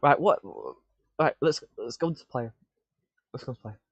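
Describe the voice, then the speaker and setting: A man streaming live, muttering to himself in excitable bursts with stammered restarts, on dull lo-fi stream audio. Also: mid-range voice, a little fast, slightly rough, no room sound. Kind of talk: casual live-stream self-talk.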